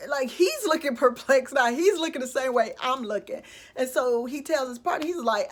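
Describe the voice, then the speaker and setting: A woman's voice: high voice, lively intonation, normal speed. Candid young woman telling a story. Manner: candid, conversational, lots of fillers and asides. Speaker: vlogger. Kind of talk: casual storytime chat.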